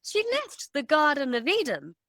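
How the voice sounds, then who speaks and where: Animated woman telling an old myth. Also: high voice, normal speed, no room sound. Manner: animated, vivid storytelling with emphatic lists. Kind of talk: casual storytelling conversation.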